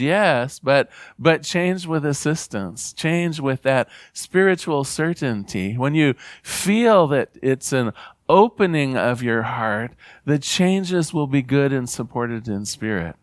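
A man giving an earnest spiritual talk, reading passages aloud and repeating key phrases gently. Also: on the high side, no room sound, clean studio sound. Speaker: spiritual teacher.

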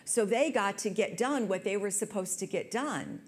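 A woman's voice: mid-range voice, moderate pace. A woman hosting a talk show, telling a personal story in an earnest, conversational way. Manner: earnest, storytelling, quotes people with voice changes.

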